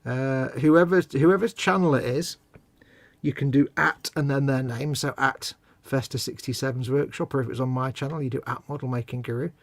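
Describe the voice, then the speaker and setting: A man's voice: mid-range voice, fairly quick, no room sound. A man co-hosting a live model-building stream, joking and teasing, explaining things at length. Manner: jokey, teasing, rambling explanations. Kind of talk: casual chat.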